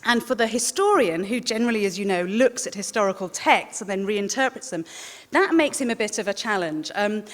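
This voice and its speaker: A woman historian and author giving a lively, chatty talk to a live audience. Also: medium pitch, brisk. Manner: lively storyteller, chatty asides. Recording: long reverb of a large hall.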